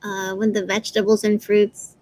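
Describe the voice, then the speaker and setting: A woman's voice: mid-range voice, little pitch movement, normal speed, darkish tone, low-quality recording. A woman casually showing and selling her own crafts on a live stream, giggly and fond. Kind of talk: casual live sale chat.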